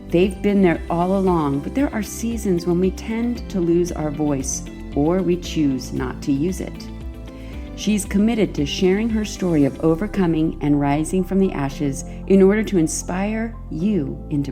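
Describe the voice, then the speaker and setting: A woman's voice: lowish voice, lively intonation, moderate pace, over music. A woman hosting a faith-based podcast for women, reading an encouraging intro and then asking her guest questions. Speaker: podcast host.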